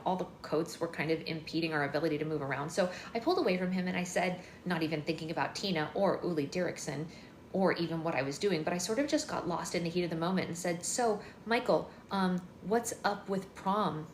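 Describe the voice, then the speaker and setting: A woman's voice: sits low, fast talker. A woman hosting a book club livestream, reading a novel aloud in a chatty first-person narrating manner, indoors. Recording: echoey room with faint noise.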